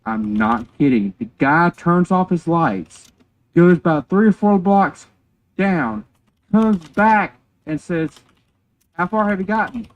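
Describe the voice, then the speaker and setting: A man's voice: fairly high pitch, expressive, slow, phone-quality sound. A man, chatting on a game stream and telling a joking, rambling story with casual swearing. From North Carolina, USA.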